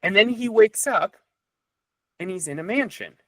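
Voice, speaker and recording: An animated man talking on a podcast, his voice sitting somewhat high for a man. He retells a story with frequent fillers and restarts. The sound is close and dry, with no room around it. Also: normal speed, no room sound, rough recording. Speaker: podcast guest or host. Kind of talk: casual podcast conversation with storytelling.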